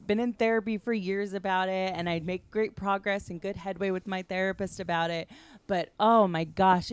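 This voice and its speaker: A woman's voice: medium pitch, darkish tone, no room sound. A woman hosting a podcast, who talks in a chatty, self-reflective way with lots of filler words. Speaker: podcast host. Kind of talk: casual podcast chat.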